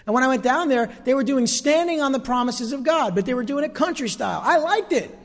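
A man's voice: very high voice, expressive, a little fast. A man preaching a sermon as pastor from the pulpit of a church sanctuary, emphatic, stretching key phrases and asking the congregation for amens. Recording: long hall reverb.

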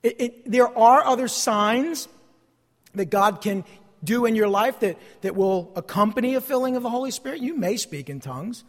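A man preaching a sermon as pastor, emphatic, repeating key phrases and swinging between loud declarations and hushed asides. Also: very high voice, lively intonation, normal speed. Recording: long hall reverb.

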